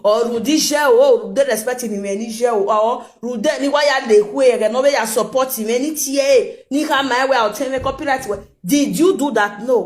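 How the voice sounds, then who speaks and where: A woman with a Nigerian accent giving casual gossip commentary, emphatic and full of rhetorical questions to her viewers. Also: high-pitched. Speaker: gossip vlogger.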